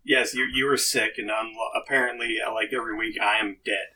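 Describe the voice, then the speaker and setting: A man's voice: on the low side, fairly even intonation, a little fast, bright, forceful tone, far from the mic, low-quality recording. A man co-hosting a podcast, chatting in a laid-back, hesitant way with dry humor. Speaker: podcast co-host. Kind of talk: casual comedic chat.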